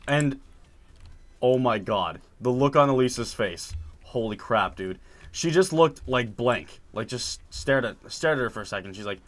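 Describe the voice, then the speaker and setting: A man telling a story in casual chat while playing a game, animated and laughing as he acts out quotes. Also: medium pitch, normal speed. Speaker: gaming video host. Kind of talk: casual storytelling over gameplay.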